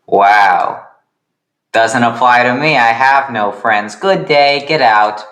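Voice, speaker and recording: A man's voice: medium pitch, takes it slowly, fairly bright tone, reverberant, voice pushed up. A man voicing a bitter, self-pitying young man with no friends, talking in a sulky, sarcastic way in an improvised comedic character voice. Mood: sarcastic sulking.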